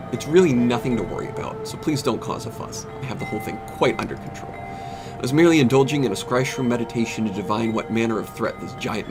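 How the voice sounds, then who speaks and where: A man's voice: medium pitch, vocal fry. Olwen, a fussy flustered village mayor, read by a man. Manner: fussy, prim, evasive. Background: game music.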